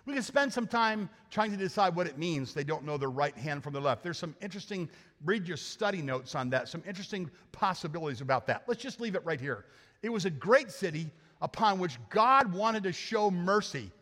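Male lead pastor, higher voice, chatty joking sermon style, church room with long reverb. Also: lively intonation, fairly quick, a bit bright. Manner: conversational, jokey, asks rhetorical questions. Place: church sanctuary.

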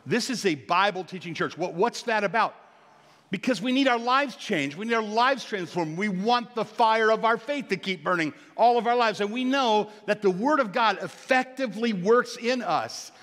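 A man's voice: high-pitched, lively intonation, normal speed, fairly bright tone, in a large hall. An older man preaching as a pastor, earnest and exhorting, lifting his voice on key points. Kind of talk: sermon.

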